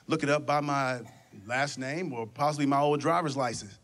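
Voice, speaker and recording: A man's voice: medium pitch, normal speed, voice pushed down, close to an everyday voice. Man doing a meek stammering customer. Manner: hesitant, soft, stammering. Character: timid, meek male customer.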